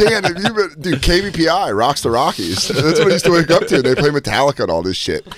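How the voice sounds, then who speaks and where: A man from Colorado co-hosting a casual comedy podcast, an animated storyteller who slips into quoted voices. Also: a little high, fast talker, few pauses, crowd noise. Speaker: co-host.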